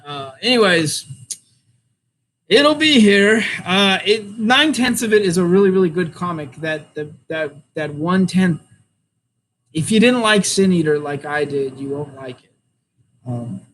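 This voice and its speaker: Casual American man reviewing comics, high voice, rambling and blunt, faint background hum. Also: a bit bright, rough recording. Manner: opinionated, rambling, laughs often.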